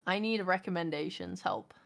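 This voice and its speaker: A woman's voice: fairly low pitch, moderate pace, vocal fry. A woman streaming from home, chatting casually, ranting and swearing as she talks to her chat.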